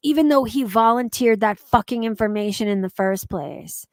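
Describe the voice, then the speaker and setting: A woman's voice: on the high side, fairly even intonation, normal speed, hardly any pauses, darkish tone, no room sound. A young adult woman hosting a casual commentary stream, blunt and profane, reading out and answering viewer comments. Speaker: commentary channel host.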